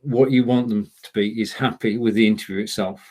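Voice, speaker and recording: Over a video call, a man hosts a casual live stream chat, steadily making his points and building on what others have said. His voice is fairly low and dark, his intonation fairly even, and his pace brisk.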